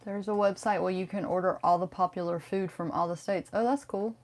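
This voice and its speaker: A woman co-hosting a casual livestream. She reads viewer comments aloud and chats in a relaxed way. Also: medium pitch, a little fast, dry recording. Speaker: co-host reading viewer comments. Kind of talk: casual chat.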